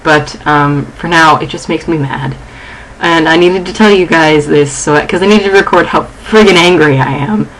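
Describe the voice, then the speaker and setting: A woman's voice: sits low, fairly bright tone, rough recording. Shaken, angry young woman vlogging. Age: young adult. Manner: agitated, halting, restarting sentences. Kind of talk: casual vlog. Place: dorm room.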